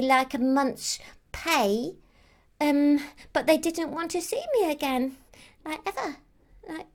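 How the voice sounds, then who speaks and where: A woman's voice: high voice, a little mellow. A woman playing a childlike female Christmas elf who rambles on with lots of "like" and "um". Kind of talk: character monologue to camera.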